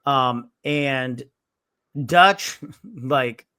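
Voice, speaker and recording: A man's voice: mid-range voice, very slow, sharp tone, clear, resonant tone, no room sound, studio quality. A man hosting a casual movie review podcast, retelling a plot in a rambling, profane way. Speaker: podcast host.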